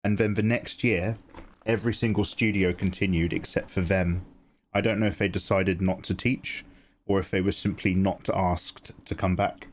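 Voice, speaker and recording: A man's voice: low voice, fairly even intonation, moderate pace, slight background noise. A sleepy young man chatting casually while drawing on a live stream, telling stories with frequent laughs and swearing. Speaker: art streamer.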